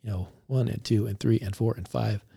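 A man, a police officer, recounting a story in a relaxed conversational way, laughing now and then as he talks. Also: fairly low pitch, brisk, vocal fry, slightly rough. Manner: animated, laughs while recounting.

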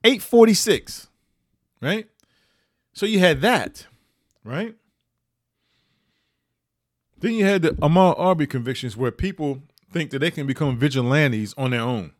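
A man hosting a podcast, giving opinionated year-end commentary with emphatic delivery and sudden high rises on stressed points. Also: animated, unhurried, pauses often, dry recording, studio quality. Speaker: podcast host.

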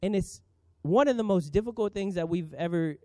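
A man in his thirties preaching a sermon as pastor, earnest and emphatic with dramatic pauses. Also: high voice, expressive, dark tone, dry recording.

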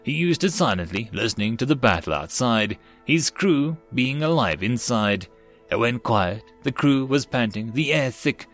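Male audiobook narrator, steady even read, mid-pitched, faint music under him. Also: normal speed.

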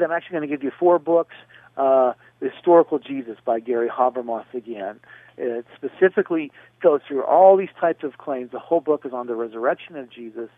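A man on a call-in radio show talks through his answer at length, wandering a little, filling gaps with "uh" and spelling names letter by letter. His voice is mid-pitched and comes through a narrow, tinny phone line. The sound is dry, with no room around it. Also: no echo. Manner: discursive, spells out names, many fillers.

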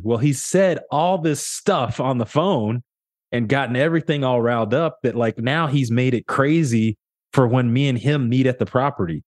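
A young adult man co-hosting a casual podcast, telling work stories with lively mimicry of the people involved. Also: medium pitch, normal speed, no echo, studio quality. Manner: animated storyteller, often mimics others with a raised voice. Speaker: podcast co-host, real estate agent.

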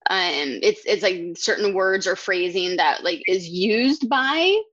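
A woman actor talks casually, stopping often and filling gaps as she hunts for words. Her mid-pitched voice comes through a dull, muffled mic in a dead, dry room. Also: fairly bright tone, dry recording. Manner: halting, many fillers, searches for words. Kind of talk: casual chat.

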